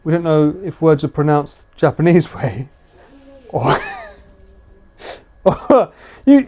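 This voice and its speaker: A man's voice: fairly high pitch, sing-song, a little slow, long pauses, warm tone. A man casually chatting with viewers during a live stream, joking and laughing often. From United Kingdom. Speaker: livestreamer. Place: house.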